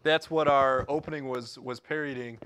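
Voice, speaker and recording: A young man from Ireland co-hosting a casual film review show, cracking deadpan jokes with mock outrage. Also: mid-range voice, normal speed, clean tone. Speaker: co-host.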